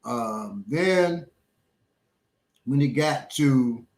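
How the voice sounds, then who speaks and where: Halting middle-aged man, roomy sound. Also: mid-range voice, animated, a little mellow. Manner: halting, many pauses and fillers. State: slightly slurred speech after a small stroke. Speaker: podcast host and instructor. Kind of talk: casual chat.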